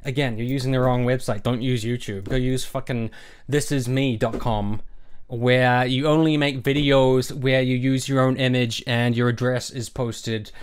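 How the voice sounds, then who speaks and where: A man's voice: medium pitch, steady tone, moderate pace, clean tone. A man ranting on a vlog in an angry, sarcastic, heavily profane way. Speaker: YouTuber.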